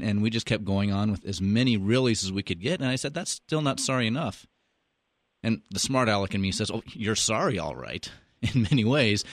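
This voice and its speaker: A man's voice: on the low side, no room sound. A male pastor explaining a point on a radio talk show, teacher-like and a little wry.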